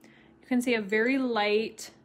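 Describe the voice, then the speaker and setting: Slow-talking woman teaching watercolor. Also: fairly high pitch, steady tone. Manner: chatty and encouraging, reads viewer comments aloud and laughs often. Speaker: watercolor stamping instructor. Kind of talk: live-streamed craft tutorial.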